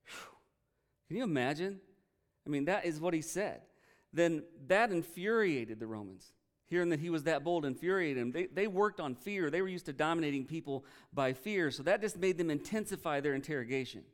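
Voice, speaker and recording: A male pastor preaching a sermon, telling a story earnestly and with feeling, often pausing to react. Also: fairly high pitch, lively intonation. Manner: earnest storytelling, emotional, retells quotes with energy.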